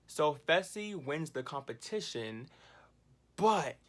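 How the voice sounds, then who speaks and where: Animated man recapping reality TV. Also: fairly high pitch, slow pace, pauses often. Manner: animated, exclaiming, laughing at the drama. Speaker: TV recap vlogger. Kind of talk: casual commentary.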